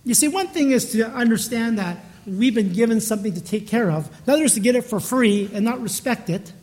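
High-voiced man preaching a chatty sermon. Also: animated, brisk, few pauses, a little mellow. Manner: storytelling, chatty, with frequent restarts. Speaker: pastor. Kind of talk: conversational sermon.

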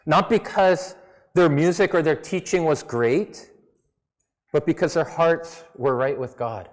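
A man's voice: fairly high pitch, measured pace. Preaching man in a reverberant hall. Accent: non-native English accent. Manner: conversational, self-deprecating preaching with mock voices. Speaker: pastor. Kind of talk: sermon. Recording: long reverb of a church hall.

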